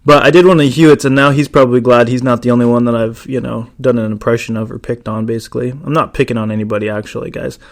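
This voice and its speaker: Brief: male podcast host, casual solo chat, mid-pitched voice, loose and rambling. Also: fairly even intonation, fast talker, hardly any pauses. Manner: rambling, many fillers and restarts.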